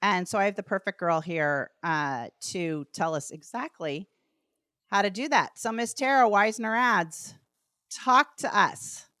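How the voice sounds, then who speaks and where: A woman hosting a podcast, talking in a bubbly, chatty way with animated asides. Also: medium pitch, unhurried, dry recording, studio quality. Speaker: podcast host. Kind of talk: casual podcast chat.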